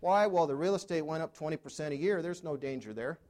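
A man's voice: on the high side, quick pace, darkish tone. A man in his sixties giving a storytelling keynote to a live audience, conversational, with dry humor and questions to the crowd. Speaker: motivational speaker.

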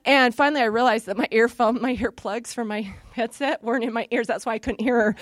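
A middle-aged woman telling a personal story to an audience, lively and self-deprecating, acting out what she and others said. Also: high-pitched, brisk, few pauses, no echo. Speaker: speaker sharing a personal story. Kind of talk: personal testimony talk to an audience. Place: in front of a live audience.

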